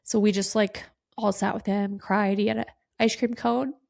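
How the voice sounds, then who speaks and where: A woman in her thirties hosting a podcast, telling her listeners a personal story in a raw, unscripted way. Her voice has a gravelly edge and sits at an ordinary middle pitch. She is tearful, her voice catching as she talks, and she fills her sentences with casual "like"s. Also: level tone, moderate pace, a little mellow. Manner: emotional, fillers like "like" and "freaking". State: tearful, voice breaking. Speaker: podcast host.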